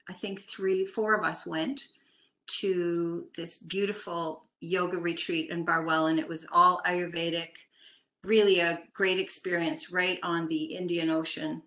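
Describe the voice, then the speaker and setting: A woman's voice: lowish voice, bright, forceful tone, reverberant. An older woman from Canada, a guest chatting animatedly as she tells a long personal story. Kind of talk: casual storytelling.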